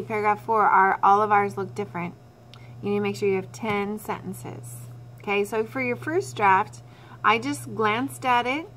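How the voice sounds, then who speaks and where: A woman's voice: mid-range voice, a bit bright, a little hiss or hum. A woman teacher giving a recorded writing lesson to her students. She talks them through their drafts step by step and repeats the key points.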